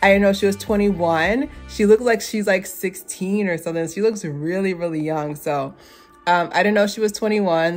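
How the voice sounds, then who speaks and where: A young adult woman casually reviewing a movie, rambling and animated, full of fillers and asides. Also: fairly low pitch.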